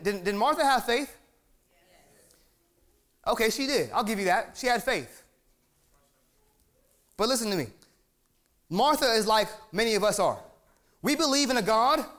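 Excitable high-voiced male preacher. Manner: excitable, emphatic, asks the crowd for amens; repeats words when fired up. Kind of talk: sermon.

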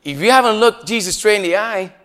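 A man's voice: sits high, a little fast, fairly bright tone. A man from Puerto Rico preaching a conversational sermon as pastor, chatty and full of rhetorical questions. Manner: chatty, asks the congregation rhetorical questions, chuckles often.

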